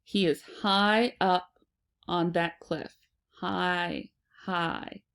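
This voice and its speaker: A woman teaching a phonics lesson to children, sounding out and repeating words slowly and deliberately. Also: on the low side, steady tone, creaky, a bit bright.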